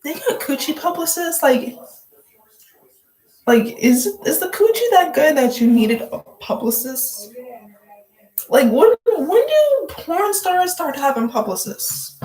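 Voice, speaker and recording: A woman vlogger delivers gossip commentary at an unhurried pace, her voice sitting a little high. She is blunt, profane and joking, leaning on "like" as filler. The recording has a noticeably echoey room sound. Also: very animated, mellow.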